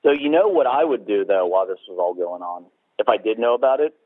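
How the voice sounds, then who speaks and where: A man's voice: lowish voice, animated, fast, no echo. A man co-hosting a podcast from his rural house, chatting about a movie in a rambling, swearing way and mocking scenes in put-on voices. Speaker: podcast co-host. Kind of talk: casual movie review chat. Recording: tinny phone-like line, dry.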